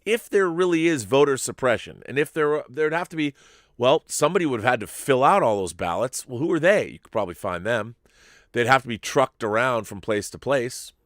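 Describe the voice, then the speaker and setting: A man hosting a casual live-stream chat, rambling and animated, restarting his sentences, a little giddy and loopy. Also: mid-range voice, dry recording, studio quality. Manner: rambling and animated, self-interrupting. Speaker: show host.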